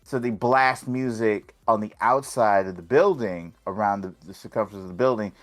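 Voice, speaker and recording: Man co-host, lower voice, rambling chat, faint music underneath. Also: moderate pace. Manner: rambling, many fillers and restarts. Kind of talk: casual tech podcast chat.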